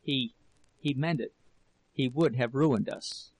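Desperate, ashamed young wife pleading in a halting voice, as a male reader puts her on, slow and gravelly. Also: mid-range voice, no room sound, low-quality recording. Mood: broken confession. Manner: pleading, breaking into whispers.

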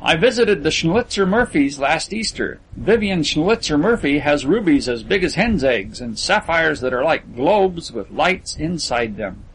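A man's voice: a little high, very animated, a little slow, few pauses, a bit bright, a little hiss or hum, full character voice. A man voicing a polite, eager teenage schoolboy in an audiobook reading. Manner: earnest, eager.

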